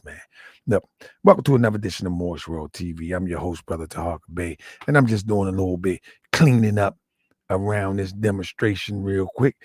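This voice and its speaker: A slightly hoarse man hosting a livestream, talking casually and muttering asides as he sets things up. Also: lowish voice, no echo, clean studio sound. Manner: chatty, repetitive, muttering asides while setting up. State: slightly hoarse, lost some voice. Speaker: livestream host.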